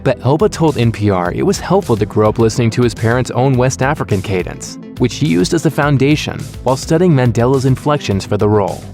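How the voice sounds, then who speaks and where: A man reading a scripted entertainment narration in a smooth, upbeat presenter manner. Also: medium pitch, expressive, fast, few pauses, a little mellow. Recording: voice-over with faint music bed.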